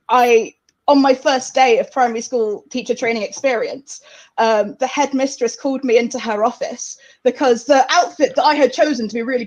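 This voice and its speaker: A young Englishwoman with a South East London accent talks in a slightly high voice. She rambles through her stories in casual chat and leans on "like" as filler. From England. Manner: rambling storyteller, lots of "like" and laughter.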